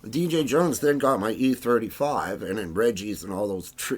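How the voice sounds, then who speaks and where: A man giving a rambling, disjointed monologue, dropping to mumbles and then rising into loud, agitated bursts. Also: fairly high pitch. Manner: rambling and disjointed, full of "you know" and "right?" tags.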